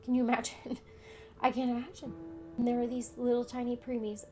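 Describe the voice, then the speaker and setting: This young adult woman vlogger speaks briskly in a slightly high, level, a little mellow voice over soft background music. She candidly relates a personal story in casual conversation, acting out others' words as she retells events.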